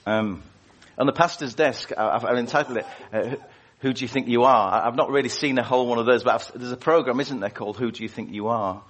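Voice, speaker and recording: A man's voice: mid-range voice, fast, hardly any pauses. A man leading prayer and preaching a sermon in an informal, conversational way, putting questions to the congregation. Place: church service.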